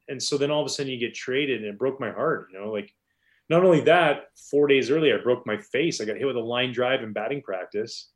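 Ex pitcher guy telling old stories, keeps restarting sentences, mid-pitched voice. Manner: animated, rambling with many restarts. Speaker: former professional baseball pitcher, guest. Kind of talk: casual storytelling interview.

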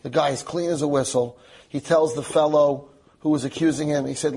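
A man telling a dramatic story aloud, acting out the quotes with lively animation. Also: on the high side, brisk, breathy edge.

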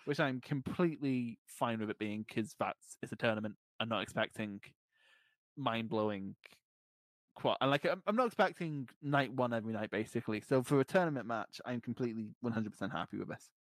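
A man's voice: mid-range voice, a little fast, dry recording. A man with a hard-to-place English accent, co-hosting a casual podcast, swearing freely and laughing through his stories. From Scotland. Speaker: podcast co-host. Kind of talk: casual chat.

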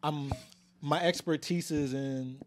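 Young dude on a podcast, kinda high voice, laid back teasing questions. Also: male voice, fairly even intonation, takes it slowly. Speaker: podcast co-host. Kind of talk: casual chat among friends.

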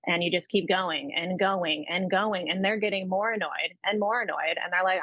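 A woman's voice: lowish voice, normal speed, dry recording, lo-fi sound. A woman co-hosting a podcast, telling frank personal stories in a casual, upbeat, sweary way. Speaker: podcast co-host.

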